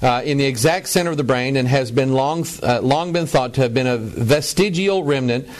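In a medium-pitched voice at a moderate pace, a middle-aged preacher lectures a broadcast audience over images. He draws out words for emphasis and frequently says things again.

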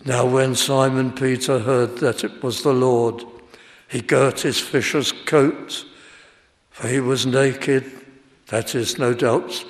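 A man preaching an expository sermon, reading verses and explaining them with deliberate emphasis. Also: mid-range voice. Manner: slow, deliberate Bible exposition with rising emphasis. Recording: long hall reverb.

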